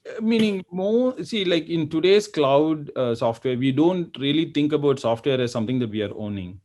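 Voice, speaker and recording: A man from India speaking as a software executive on an online panel, explaining points with many fillers and tag questions. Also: on the high side, animated, normal speed. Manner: explains with frequent "right?" and fillers. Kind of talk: panel discussion. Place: video call.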